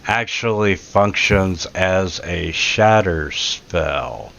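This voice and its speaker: A man's voice: low-pitched, expressive, drawn-out words, creaky, fairly bright tone. A man running a tabletop game as game master, describing scenes hesitantly with many fillers, on dull lo-fi audio.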